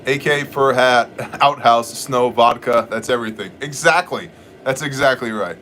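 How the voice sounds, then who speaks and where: A man's voice: mid-range voice, moderate pace, fairly bright tone, slight background noise. A man hosting a livestream, chatting casually, joking with viewers, greeting them by name and shifting into Bible teaching. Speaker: livestream host. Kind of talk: casual livestream chat, reading viewer comments.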